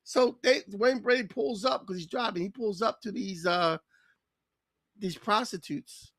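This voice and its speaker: A woman co-hosting a casual podcast chat, retelling a sketch with animated storytelling. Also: medium pitch, a little slow, no echo, clean studio sound. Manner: animated storytelling, acts out quoted lines. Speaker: co-host.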